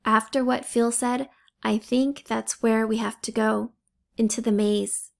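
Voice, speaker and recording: A woman's voice: on the high side, fairly even intonation, measured pace, vocal fry, a little mellow. A woman voicing a brave young schoolgirl who speaks firmly and urgently. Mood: earnest.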